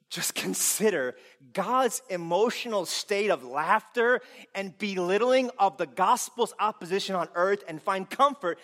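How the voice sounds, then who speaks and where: A man preaching a sermon to a congregation, animated and playful, with loud bursts of laughter. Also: sits high. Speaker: pastor.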